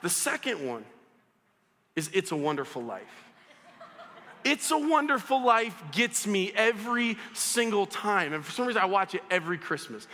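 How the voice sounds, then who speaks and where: Bright, animated man preaching in a hall. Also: high-pitched, normal speed, slight background noise. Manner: animated storytelling, addresses the audience directly. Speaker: pastor. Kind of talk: sermon. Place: church auditorium. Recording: church hall reverb.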